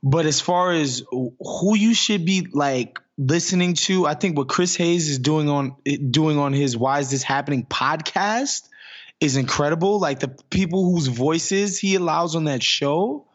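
A man's voice: on the high side, unhurried, dull audio. A man co-hosting a podcast in casual chat, ranting with profanity and rising exclamations. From New York. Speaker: podcast co-host.

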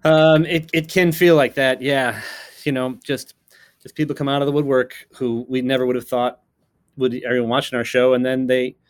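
Speaking at a moderate pace with medium pitch and little pitch movement, a man discusses the TV series he co-created and writes. It's a casual interview where he rambles, restarts and fills pauses, at times acting out others' voices.

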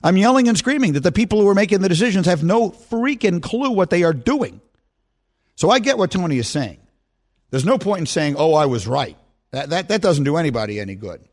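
A man's voice: high voice, brisk. A middle-aged man hosting a sports radio show, talking in a casual, emphatic rant. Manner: animated, emphatic ranting.

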